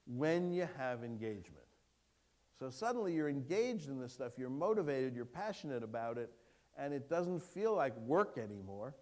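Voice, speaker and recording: Man giving a lively keynote talk. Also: mid-range voice, brisk. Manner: lively, engaging, asks audience questions. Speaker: keynote speaker. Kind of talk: conference keynote lecture. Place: lecture hall before an audience.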